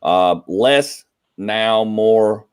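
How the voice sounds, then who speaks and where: A man hosting a casual podcast, reading out viewer questions in a relaxed way with many fillers. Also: fairly low pitch, extremely slow, clear, resonant tone. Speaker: podcast host.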